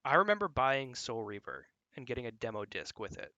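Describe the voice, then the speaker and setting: Quick talking young guy, bright voice, dry sound, joking around. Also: medium pitch, very animated, no echo, dull audio. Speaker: podcast co-host. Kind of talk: casual chat.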